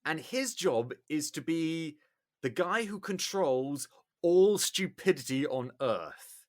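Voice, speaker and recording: Lively English man, podcast host. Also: fairly high pitch, slow pace. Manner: animated storyteller, acts out bits loudly. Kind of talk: casual chat.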